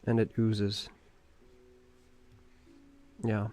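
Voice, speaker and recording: A man's voice: lowish voice, completely flat delivery, very slow, mellow, soft background music. A man streaming as he draws, chatting casually in a rambling way with chuckling asides. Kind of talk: casual chat while drawing.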